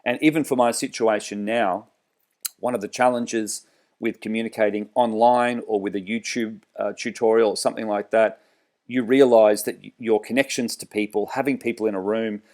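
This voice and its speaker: A man's voice: lowish voice, fairly even intonation, normal speed, darkish tone. A man who trains driving instructors, explaining with examples in an online training lecture, with frequent fillers and restarts. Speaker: driver trainer.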